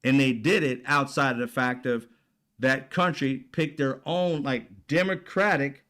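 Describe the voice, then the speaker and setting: A man's voice: mid-range voice, steady tone, measured pace, fairly bright tone. A man delivering an indignant, heavily profane political commentary rant, peppered with rhetorical questions to his audience. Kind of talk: ranting commentary.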